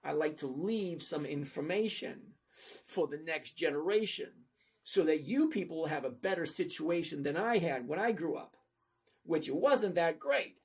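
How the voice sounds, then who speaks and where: A man in his sixties hosts a trading livestream, reading viewers' comments aloud in a blunt, rambling, casual way. His voice sits on the high side and sounds animated and slightly rough, at a moderate pace.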